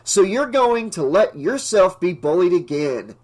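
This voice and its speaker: A man's voice: on the high side, lively intonation, fairly quick. A man voicing a hot-tempered skinny teenage boy in an audiobook, asking blunt, confrontational questions. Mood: angry.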